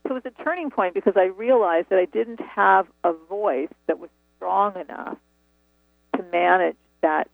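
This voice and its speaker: A woman's voice: mid-range voice, normal speed, creaky, no room sound. A woman author telling her story earnestly and reflectively in a phone interview, over a tinny phone line. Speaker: author and guest.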